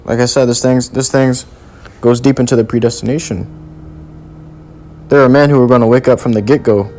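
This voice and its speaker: A man preaching a sermon, reading scripture aloud and driving points home in forceful, repetitive, slangy talk. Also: mid-range voice, fairly even intonation, a little fast, slight background noise.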